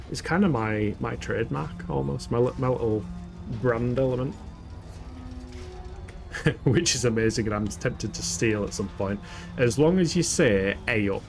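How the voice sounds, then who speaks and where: A man giving chatty live commentary as he streams a game, often swearing, laughing and poking fun at himself. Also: mid-range voice. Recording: game music playing underneath. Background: game music.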